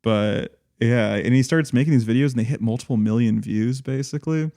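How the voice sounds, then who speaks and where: A man's voice: medium pitch, fairly quick, gravelly, warm tone. A man co-hosting a podcast, talking casually and rambling, with many fillers and restarts. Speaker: podcast co-host.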